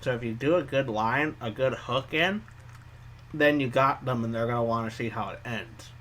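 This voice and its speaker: A man co-hosting a casual podcast chat about online wrestling, animated and quick to jump in with asides. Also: medium pitch, a little hiss or hum. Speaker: co-host.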